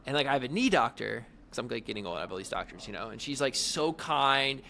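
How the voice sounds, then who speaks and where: A man's voice: mid-range voice, very animated, quick pace, creaky, sharp tone, slight background noise. A middle-aged man hosting a podcast interview, talking casually and rambling with lots of fillers and restarts. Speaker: podcast host.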